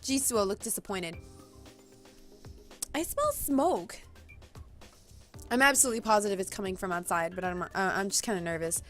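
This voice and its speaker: A woman reading a visual novel aloud as a let's play host, reacting loudly and laughing along. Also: mid-range voice, steady tone, fast, hardly any pauses, faint music behind.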